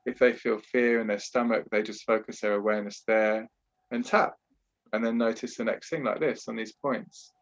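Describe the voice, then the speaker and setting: A man's voice: lowish voice, steady tone, moderate pace. Earnest, explaining man on a muffled call. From Britain. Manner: earnest, explanatory, frequent "you know" and restarts. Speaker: trauma therapist, podcast guest. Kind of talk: podcast interview over a video call. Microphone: video call.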